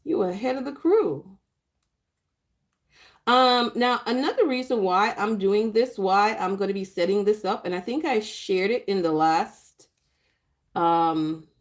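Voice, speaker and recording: Woman host, casual live-stream chat over crafting, greets viewers by name, swoops high when excited. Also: measured pace. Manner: chatty, greets viewers by name, laughs often. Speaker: planner YouTuber hosting a live stream.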